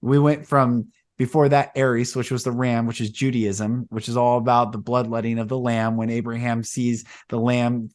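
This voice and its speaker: A male podcast host in casual spiritual conversation, telling long rambling stories that grow animated as he retells them. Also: mid-range voice, normal speed, hardly any pauses.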